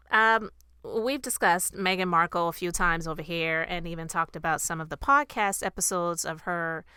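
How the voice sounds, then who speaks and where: Woman host, bright and very clear voice, dry close-mic sound, chatty opinion monologue. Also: on the low side, no echo. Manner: chatty, opinionated, addresses the audience directly. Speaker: host of a commentary channel and podcast. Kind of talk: casual commentary monologue.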